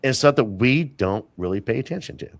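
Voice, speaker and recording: A man's voice: medium pitch, animated, fairly quick, no room sound. A man talking as a podcast guest, telling long rambling stories full of fillers and restarts. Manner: rambling storyteller, many fillers. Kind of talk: casual interview chat.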